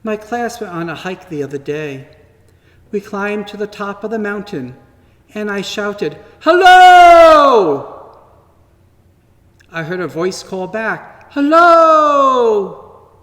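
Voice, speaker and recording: A man slowly and gently reading a children's story aloud at church, in a wondering tone with pauses. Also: high-pitched. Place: church sanctuary. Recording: long reverb from a large hall.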